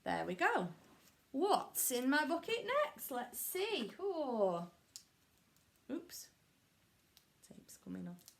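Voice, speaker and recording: Slow sing-song woman teaching phonics. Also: on the high side, big pitch swings, creaky. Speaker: primary school teacher. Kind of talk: phonics lesson to children.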